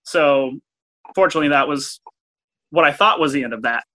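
Easygoing man with a bright voice. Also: fairly high pitch, low-quality recording. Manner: easygoing, halting, with fillers. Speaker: bartender guest. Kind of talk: casual chat.

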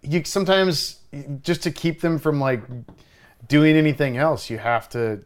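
Animated young man telling a story. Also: a little high, unhurried, smooth. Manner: animated, swears freely, loudly acts out his own quoted lines. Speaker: bartender. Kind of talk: casual storytelling chat.

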